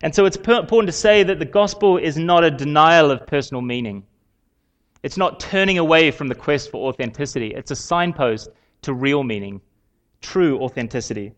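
A man giving a sermon in a conversational way, with frequent pauses and fillers. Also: fairly high pitch, animated. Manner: conversational, halting with many fillers. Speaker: preacher.

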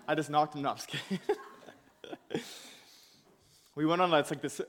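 A man's voice: on the high side, moderate pace, long pauses, fairly bright tone. A young man preaching in a casual storytelling way, laughing at himself and acting out the people in his story. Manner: laughing, self-mocking, acts out quoted voices. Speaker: pastor.

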